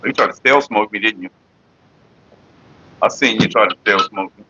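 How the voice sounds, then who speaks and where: A man's voice: lowish voice, normal speed, pushed and bright, lo-fi sound, slight background noise. A man vlogging casually, rambling in profane, mock-exasperated rants. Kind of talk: casual smoking-session vlog.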